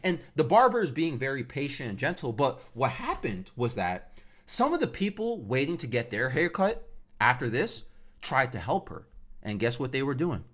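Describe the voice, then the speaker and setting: A man telling a casual storytime rant, slangy and animated, acting out the sounds he describes. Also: moderate pace. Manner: animated, acts out sounds and jumps between high and low pitch; slangy and conversational. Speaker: vlogger.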